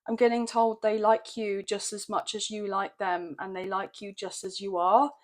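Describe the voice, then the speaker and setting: A woman doing a tarot reading, chatty and emotional, often checking in with her viewers. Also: medium pitch. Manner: gentle, chatty, emotional, often saying "okay, guys". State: a bit croaky. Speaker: tarot reader.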